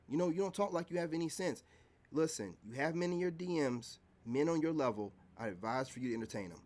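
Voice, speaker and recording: A man delivering a ranting monologue to his viewers, confrontational and lecturing, firing off rhetorical questions in casual slangy speech. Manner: casual slangy speech, sudden swings in pitch and loudness. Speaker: online commentator.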